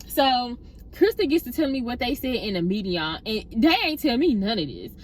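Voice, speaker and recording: A young woman casually telling a personal workplace story, chatty and animated, often addressing listeners directly. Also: fairly high pitch, brisk, a little hiss or hum. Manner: animated retelling with acted-out quotes.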